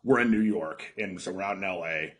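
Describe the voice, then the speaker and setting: A man hosting a podcast interview, hesitant, repeating and restarting words as he asks questions and pitches ideas. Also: brisk, slight background noise. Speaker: podcast host.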